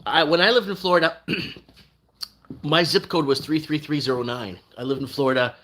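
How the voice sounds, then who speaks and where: A man's voice: on the high side, moderate pace, a bit bright, slight background noise. An older man from Canada hosting a casual live stream, rambling and reading out viewer comments. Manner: rambling, reads out viewer comments, restarts often.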